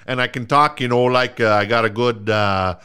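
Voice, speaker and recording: A man's voice: mid-range voice, moderate pace, bright, forceful tone, clean tone. A man from Minnesota hosting a sports podcast, rambling and joking at his own expense. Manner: rambling, self-deprecating, joking. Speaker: podcast host. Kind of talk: casual sports podcast chat.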